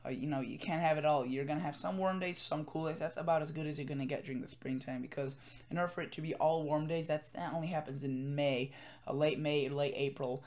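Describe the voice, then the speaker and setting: A man's voice: fairly high pitch, steady tone, fast talker, darkish tone. A tired man giving a casual weather forecast from home, rambling with many fillers and self-corrections. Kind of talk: casual forecast commentary over screen.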